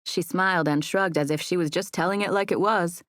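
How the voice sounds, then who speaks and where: A woman narrating a first-person audiobook in an even, gentle storytelling voice. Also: lowish voice, fairly quick, no room sound, studio quality. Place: recording booth.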